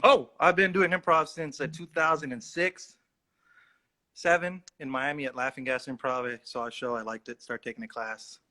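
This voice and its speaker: A man's voice: medium pitch, fairly even intonation, normal speed, sharp tone. A male actor telling a rambling, self-mocking story in a casual livestream chat. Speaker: actor guest.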